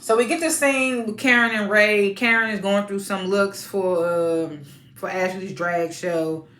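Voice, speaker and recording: A woman giving a casual, outspoken recap of a reality TV episode, animated and prone to sudden high-pitched exclamations. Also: unhurried, reverberant. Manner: informal and outspoken.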